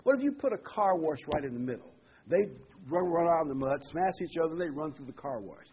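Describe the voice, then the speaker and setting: A man's voice: on the high side, animated, fast talker, breathy edge, muffled recording. A man preaching a folksy, rambling sermon full of homely examples and corny jokes.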